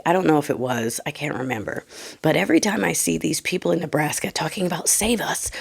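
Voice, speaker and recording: A hoarse woman talks straight to her viewers in a blunt, opinionated vlog. Her voice sits low and gravelly, breathy and worn from losing it. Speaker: vlogger.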